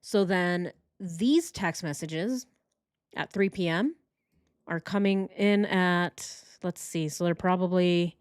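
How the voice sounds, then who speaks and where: Woman doing true crime commentary, sarcastic and indignant, lowish voice, dry close mic. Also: slow, clean tone, dry recording. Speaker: true crime channel host. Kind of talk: commentary while reading text messages. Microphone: boom-arm microphone.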